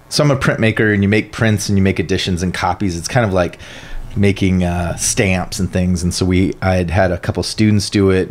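A man who is an art professor, telling stories in a casual podcast interview with lively, animated delivery. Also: low-pitched. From northern United States. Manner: animated, lively storyteller who acts out quotes. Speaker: guest, art professor and printmaker.

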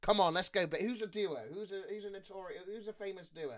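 A young man from England with an English accent, streaming live and reacting loudly, swearing often. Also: high voice, fast, no echo. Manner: loud, excitable, swears often.

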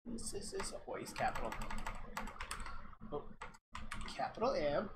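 A young adult game streamer chatting casually and excitably from home, thanking viewers by name. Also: mid-range voice, a little slow. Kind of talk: casual live-stream chat. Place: home room. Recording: keyboard typing noise behind.

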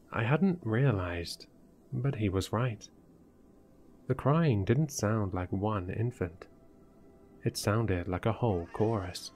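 A man narrating a horror story in a measured, deliberate way. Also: lowish voice, a little mellow, slight background noise.

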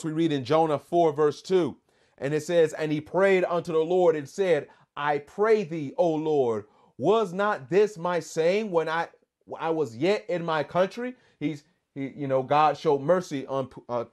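A man's voice: on the high side, darkish tone. A man teaching a Bible study, reading scripture aloud and then preaching with growing fervor and call-and-response questions. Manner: reads scripture aloud, then rises to fervent, emphatic preaching; quizzes listeners with repeated "what?".

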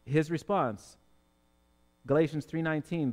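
A male pastor giving an expository sermon, reading scripture slowly and explaining it in a conversational way. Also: on the high side, expressive, big-room sound. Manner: conversational, gently self-correcting, reads verses slowly.

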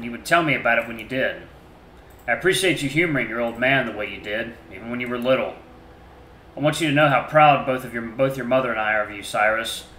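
Guy reading as a folksy proud dad, fatherly and plain-spoken, bright voice, echoey room with a little hiss. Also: medium pitch, lightly acted. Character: proud warm-hearted middle-aged father.

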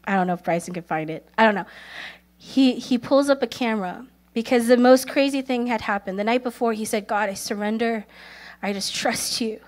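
A woman preaching a sermon, telling stories earnestly, calling for amens, and speaking quoted prayers softly. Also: a little high, a little fast. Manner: earnest storytelling, calls for amens; acts out quoted prayers softly, at times in a whisper.

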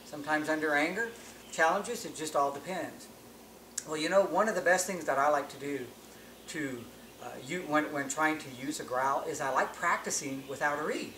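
Teaching elk calling at a moderate pace, a man speaks in a voice on the high side with a sharp tone. This hunting-call tutorial is plain-spoken and instructional, with frequent restarted phrases, and the recording has echo and faint ambient noise.

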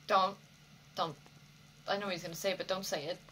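A woman hosting an anime reaction, talking back to the screen in an expressive way and swearing freely. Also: mid-range voice, normal speed, slight background noise. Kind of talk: reaction commentary.

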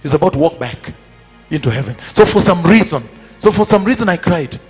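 Brief: male preacher, lively swooping delivery, husky tone, long hall reverb, faint music behind. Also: fairly high pitch, brisk. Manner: emphatic and repetitive, rising to shouted climaxes. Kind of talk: sermon. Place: large conference hall.

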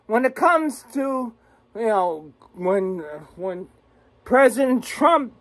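A woman vents in a vlog, her voice sitting high. She drags her words out slowly, swearing, jeering and breaking into cackles. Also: very animated. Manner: cursing, mocking, cackling. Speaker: vlogger. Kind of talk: profane political rant.

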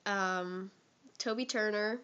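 A teenage girl who is sick and sounds rough, gushing and giggling in a rambling fan vlog recorded on her phone while sitting on a couch at home. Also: medium pitch, slow, bright, forceful tone, muffled recording. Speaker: vlogger. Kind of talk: casual fan vlog to camera. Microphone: phone held close.

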